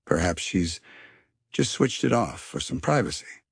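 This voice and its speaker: A man's voice: sits low, big pitch swings, measured pace, vocal fry, slightly rough, no echo, clean studio sound, heavily acted. A man voicing Percy, a cheerful, reassuring male bird with old-fashioned manners, in a storybook reading. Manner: chummy, reassuring.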